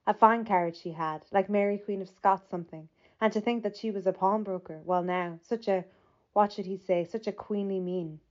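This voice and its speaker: A woman narrating a literary audiobook in a measured, even reading that lifts slightly for quoted speech. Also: mid-range voice. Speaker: audiobook reader. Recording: slightly muffled lo-fi recording.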